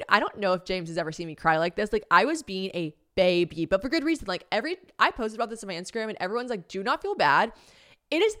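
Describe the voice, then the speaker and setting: A woman hosting a podcast, telling a story in a casual, animated and dramatic way, speaking straight to her listeners with many fillers and restarts. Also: medium pitch, quick pace. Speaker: podcast host.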